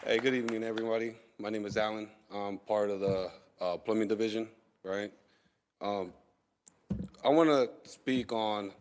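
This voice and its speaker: A school plumbing worker giving an earnest, emotional public comment at a board meeting, with frequent restarts. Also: male voice, lowish voice.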